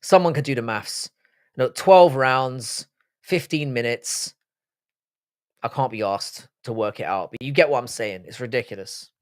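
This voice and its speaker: A young UK man running a live-stream panel speaks at normal speed and medium pitch, bantering casually, bluntly and profanely. The sound is clean studio audio with no room sound.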